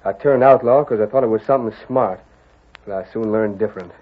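A man's voice: lowish voice, fairly quick, close to an everyday voice. A man voicing a young ranch foreman with a plain western drawl, in 1940s radio style. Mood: tense. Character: young male ranch foreman, hiding an outlaw past. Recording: tinny old radio broadcast.

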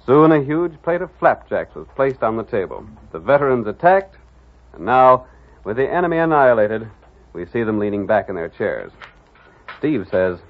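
Lively old-time radio narrator, man. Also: mid-range voice, normal speed. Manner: lively announcer delivery. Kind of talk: scripted narration. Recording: tinny old radio with faint music.

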